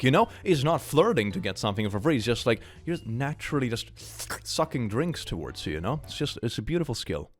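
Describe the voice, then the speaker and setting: A young man chatting casually as a reaction host, his pitch swinging widely as he jokes along. He sounds playful and upbeat, tossing off quick asides with a laugh in his voice. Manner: playful, animated, frequent laughs.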